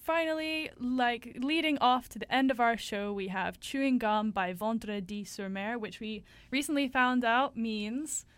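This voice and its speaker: A woman's voice: on the high side, a little slow, hardly any pauses, no room sound. A young woman co-hosting a campus radio show, chatting casually and playfully with lots of fillers. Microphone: studio microphone.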